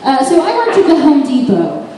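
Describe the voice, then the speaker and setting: Young female stand-up, high voice, chatty and self-deprecating, recorded from far off in a boomy room. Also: wildly swooping pitch, normal speed, crowd noise. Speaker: stand-up comedian. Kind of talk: stand-up comedy set. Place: bar open mic stage. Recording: echoey room, distant mic, background noise.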